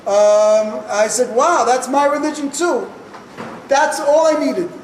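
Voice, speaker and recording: A man's voice: extremely high pitch, slow, slight background noise. A man telling a personal story to an audience, in short punchy sentences with wry humor. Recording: echoey room picked up from a distance.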